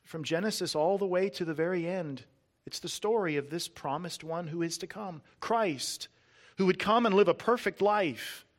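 A man preaching a sermon, earnest and emphatic, stressing lists word by word and dropping low and soft at key points. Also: normal speed.

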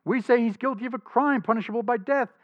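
Sly accusers coax and press a governor in a wheedling tone, as a male preacher puts them on. The voice rides high above his own and stays insistent. The sound is a little dull and dry. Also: fast talker, no echo. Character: scheming group of religious accusers, male. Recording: slightly dull lo-fi recording.

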